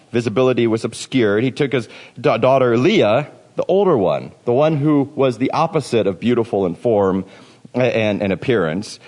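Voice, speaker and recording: A man's voice: medium pitch, a little mellow. Man preaching in a reverberant hall. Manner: casual, joking retelling with playful voices. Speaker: pastor. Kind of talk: sermon.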